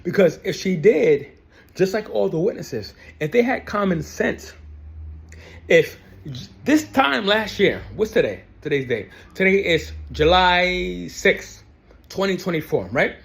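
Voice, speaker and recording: A man's voice: high-pitched, creaky. A young man ranting to camera about his family, angry and profane, repeating himself for emphasis. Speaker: ex-Jehovah's Witness vlogger. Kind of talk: heated personal rant to camera.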